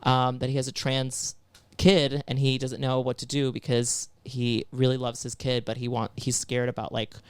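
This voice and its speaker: A man's voice: mid-range voice, monotone, moderate pace, few pauses, clean tone, no room sound. A man guesting on a podcast as a comedian, talking casually and emphatically.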